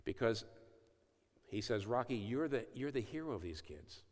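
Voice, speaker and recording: Man, evangelistic talk, earnest storyteller, mid-pitched voice, long echo of a hall. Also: very animated, normal speed, darkish tone. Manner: earnest storytelling, acting out quoted lines. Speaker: speaker at a university event. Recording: reverberant hall.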